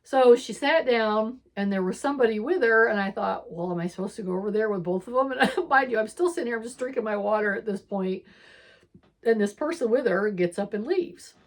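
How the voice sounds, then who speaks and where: A woman's voice: on the high side, brisk. A woman telling a personal faith story in a casual, rambling way, quoting herself and often laughing between lines. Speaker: storyteller of her faith testimony. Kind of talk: casual spoken testimony.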